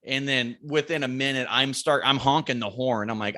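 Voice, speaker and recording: A young man, a guest on a podcast, tells a long story with loose, animated energy, jumping into the voices of himself and his buddy and cursing freely. His voice has a bright, sharp edge to it. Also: mid-range voice, normal speed. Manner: animated storyteller acting out quotes, swears freely.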